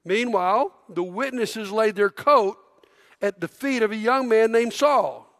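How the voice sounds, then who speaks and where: A middle-aged man preaching a sermon in a church, energetic and conversational, prompting the congregation. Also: sits high, measured pace. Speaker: pastor. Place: church auditorium. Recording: long hall reverb.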